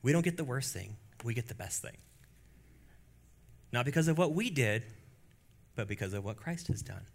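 A male pastor preaching a sermon to his congregation, moving between quiet, low passages and loud, high bursts. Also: normal speed, vocal fry, pauses often. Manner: animated preaching that swings from hushed to loud and high. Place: church.

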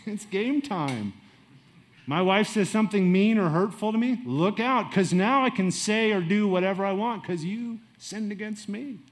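Middle-aged pastor guy giving a sermon, kinda high voice, lively, loud then quiet. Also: unhurried. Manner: lively, swings between loud and quiet with acted-out asides.

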